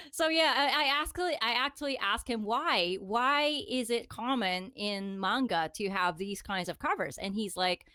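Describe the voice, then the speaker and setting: Woman co-host, high and lively, animated storyteller, dry close sound. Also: unhurried, clean tone, no echo. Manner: animated storytelling with frequent laughter. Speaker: podcast co-host. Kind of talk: casual podcast chat.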